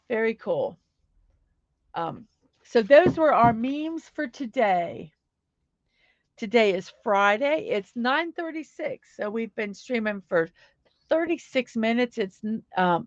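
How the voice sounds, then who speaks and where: A woman's voice: on the high side, no room sound, muffled recording. A middle-aged woman hosting a casual home livestream, chatty and upbeat, reading viewers' comments aloud. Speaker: livestream host.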